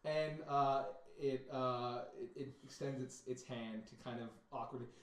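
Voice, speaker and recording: A man narrating a tabletop game as game master, describing scenes with many pauses and fillers. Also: mid-range voice, steady tone. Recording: roomy, distant mic.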